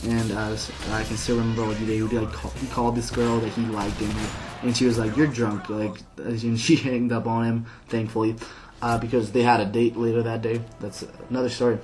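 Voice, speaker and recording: In a mid-range, slightly mellow voice, with a little hiss or hum in the recording, a man does gameplay commentary. He rambles through a lengthy casual story, leaning constantly on "like" and occasionally laughing at his own tale.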